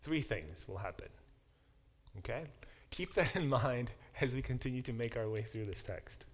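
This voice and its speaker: A man's voice: medium pitch, animated, moderate pace. A male professor teaching a Bible class, lecturing with many fillers and restarts and reading verses aloud. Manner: reads verses aloud and explains them.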